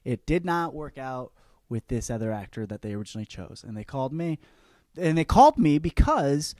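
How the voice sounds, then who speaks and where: A man's voice: medium pitch, sing-song, fairly quick, a little mellow, dry recording, studio quality. A young man hosting his own podcast, talking in a cocky, profane, rambling comic monologue full of restarts. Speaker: podcast host.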